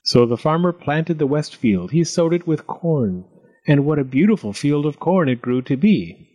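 A man reading a storybook aloud with an expressive, lilting delivery. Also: fairly high pitch, moderate pace.

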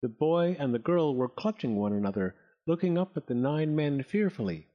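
A man reading a story aloud with expressive, dramatic narration. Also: on the high side, moderate pace, muffled recording.

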